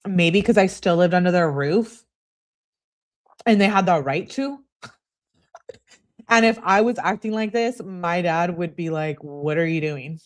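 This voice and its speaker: A woman's voice: lowish voice, measured pace, pauses often. A woman giving casual, chatty true crime commentary, speaking freely with lots of "like" and blunt reactions. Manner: chatty, peppered with "like", outspoken reactions. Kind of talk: casual commentary reading text messages aloud.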